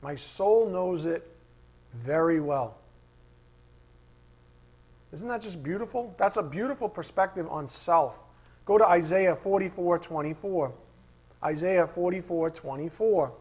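A man teaching a Bible study class. He asks the class questions, reads verses slowly and repeats the key lines. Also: high-pitched, a little mellow, slightly rough. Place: classroom with a board.

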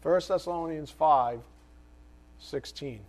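A man with a high voice preaching to his congregation. He moves between quiet, conversational asides and loud, fervent exhortation. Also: slow. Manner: impassioned, swinging from soft asides to loud exhortation. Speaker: pastor. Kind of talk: sermon.

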